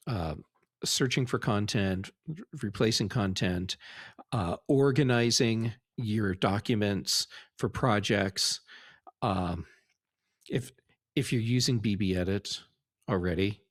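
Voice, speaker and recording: A man co-hosting a tech podcast, talking in a relaxed, rambling way with many fillers. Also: fairly low pitch, slow pace, long pauses, no room sound, studio quality. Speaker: podcast co-host. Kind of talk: casual tech podcast chat.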